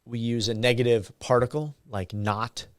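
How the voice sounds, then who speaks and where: A man giving a university grammar lecture, slow and halting with frequent ums and uhs. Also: mid-range voice, fairly even intonation, no echo, studio quality.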